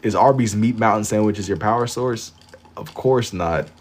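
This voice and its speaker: A young man chats with his live-stream audience in a loose, slangy way. His voice sits fairly low. He often repeats a phrase two or three times while he gathers his thoughts. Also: normal speed. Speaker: livestreamer drawing for chat. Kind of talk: casual live-stream chat.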